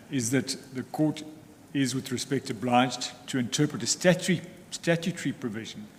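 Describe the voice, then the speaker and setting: A man arguing a case in court, formal and measured, with some restarts. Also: medium pitch, slight background noise. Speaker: advocate in court. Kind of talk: legal argument in court. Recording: long reverb of a hall, faint ambience.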